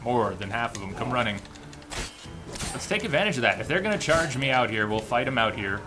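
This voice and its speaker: A man streaming a game, thinking aloud in casual commentary with sudden loud outbursts. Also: mid-range voice, big pitch swings, a little fast, music in the background. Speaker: gameplay streamer.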